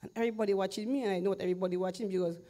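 A middle-aged woman from Dominica with a Dominican Creole English accent, giving an animated personal testimony, acting out quoted voices and laughing often. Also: mid-range voice, rapid-fire. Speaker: testifying guest.

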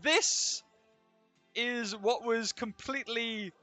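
Young dude streaming at a convention, rambly and jokey, high voice, faint music behind. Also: male voice, takes it slowly, bright, forceful tone, no room sound. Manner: rambling, joking, chatty. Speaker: game streamer. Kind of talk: casual live-stream chat. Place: convention venue.

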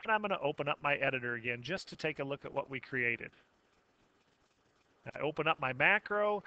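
A man teaching a math software tutorial, narrating each click step by step with casual self-corrections. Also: fairly high pitch, clean tone, no echo, muffled recording. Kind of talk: screen-recorded software tutorial.

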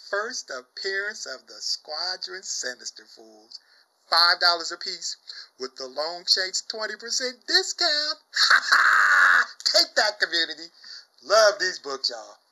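A man's voice: on the high side, rough recording. Exuberant man showing off comics. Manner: exuberant, says "y'all" a lot; bursts into loud shouts and laughs. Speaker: comic book vlogger. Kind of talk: casual chat.

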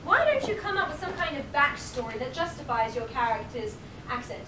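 A young woman plays a self-serious girl who wants to write plays, tossing out dry, sarcastic asides in a fairly high voice. The sound comes from a camera far back in an echoey theatre. A steady noise runs underneath. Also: a little fast. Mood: wry. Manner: wry, sarcastic asides to the audience. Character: earnest young female aspiring playwright, self-serious. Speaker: stage actor. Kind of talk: live amateur stage play. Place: small theatre stage. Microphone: far camera in audience.

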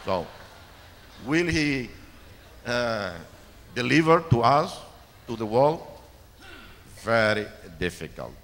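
A man from East Timor giving a keynote speech, measured and emphatic, repeating words for stress. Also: medium pitch, very animated, fairly bright tone, slight background noise. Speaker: keynote speaker. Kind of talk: formal speech with audience Q&A. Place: large university auditorium. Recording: reverberant lecture hall.

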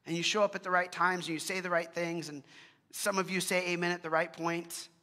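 A man leads prayer and preaches in an easy, conversational way, earnest but quick to joke, often restarting his sentences. His voice sits high and sounds bright and forward. The long reverb of a church sanctuary trails behind every phrase. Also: flat delivery. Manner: earnest, joking asides, frequent restarts. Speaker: pastor. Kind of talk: casual conversational sermon with prayer.

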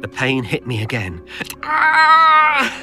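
A man's voice: on the high side, sing-song, normal speed, bright, forceful tone, soft background music. A man narrating as a young male companion in pain, telling his story in an urgent first-person audiobook reading. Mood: tense.

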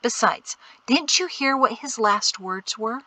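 A woman reading aloud voices a brisk, no-nonsense woman who waves doubts away. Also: on the high side, lively intonation, bright, forceful tone, no echo, pitched above the performer's own voice, full character voice, rough recording. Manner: brisk, dismissive.

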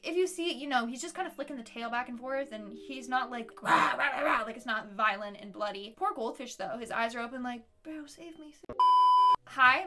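A woman reacting in a casual vlog, expressive and giggly, squealing at what she sees, talking in her studio. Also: a little high. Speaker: YouTuber.

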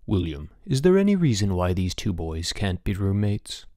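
A man's voice: deep voice, sing-song, moderate pace, warm tone, no echo, studio quality, pitched below the performer's own voice. A man voicing a cheerful, affable school headmaster. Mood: genial. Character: cheerful, genial older male headmaster.

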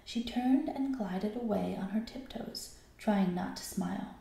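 A woman teacher reading a picture book aloud to a class, with expressive storytelling. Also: medium pitch, measured pace, creaky, echoey room.

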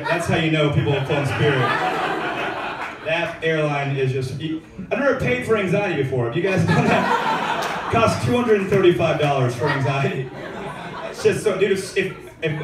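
A young man performing a stand-up comedy set in a club, telling stories in a laid-back, slangy way full of fillers. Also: fairly high pitch. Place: comedy club stage, live audience. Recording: echoey club room, heard from far off.

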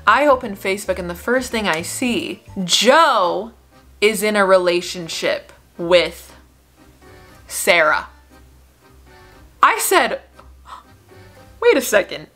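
A young woman in her twenties telling a dramatic dating story for her vlog, animated and exasperated. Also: medium pitch, slow, long pauses, faint music behind. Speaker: vlogger.

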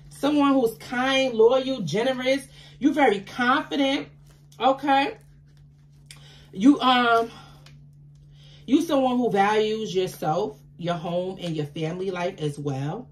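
A woman with a somewhat high voice gives a tarot card reading to her viewers. She's chatty and affectionate, calls her listeners "baby," and breaks into excitable laughter and exclamations.

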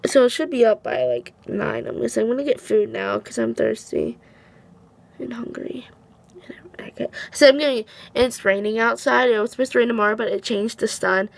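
A teenage girl talking casually into her vlog camera. Her voice sits a little high with a gravelly, fry-laden edge. She rambles, cuts herself off and starts over, and sounds tired. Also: brisk. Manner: rambling, restarts sentences, giggly. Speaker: vlogger.

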